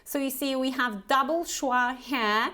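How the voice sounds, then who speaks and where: A woman with a Polish accent, a native Polish speaker, teaching English pronunciation. She says each word slowly and repeats it so learners can copy it. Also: sits high, bright, forceful tone. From Poland. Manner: models words slowly and repeats them for drilling. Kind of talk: pronunciation lesson.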